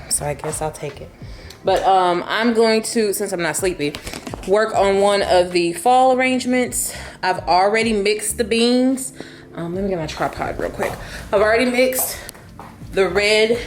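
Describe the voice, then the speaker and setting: A young woman chatting casually to camera at home as a decor vlogger, upbeat and chatty with relaxed slang. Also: mid-range voice. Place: at home in her entryway.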